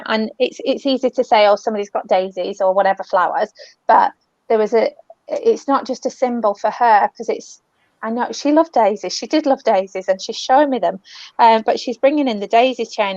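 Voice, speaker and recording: A British woman working as a spiritual medium, giving a gentle live reading and calling people love and darling. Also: on the high side, no echo. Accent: British English. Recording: dull, dry lo-fi audio.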